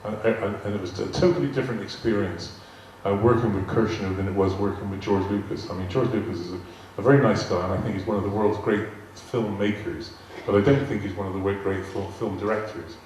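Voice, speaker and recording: The speaker is an older West Country English man guesting before a live audience, chatty and amused as he tells anecdotes. He talks fairly quickly with hardly any pauses in a lowish, darkish voice. The large arts hall makes the recording echoey, with a distant mic and faint hiss.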